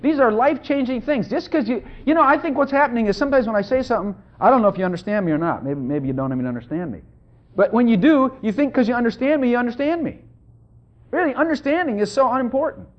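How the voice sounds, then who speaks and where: Folksy middle-aged preacher, high voice, lively delivery, dull recording. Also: male voice, fast talker. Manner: folksy, animated, asks the congregation questions. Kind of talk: informal sermon. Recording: dull lo-fi sound.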